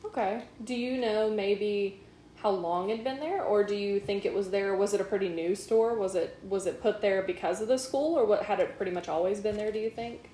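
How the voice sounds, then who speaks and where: A woman's voice: medium pitch, moderate pace, dark tone, echoey room, slight background noise. A young woman in her twenties interviewing an elder, asking loose questions with lots of fillers and laughter. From North Carolina. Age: 20s. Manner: chatty, laughs often, filler-heavy questions. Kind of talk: oral history interview.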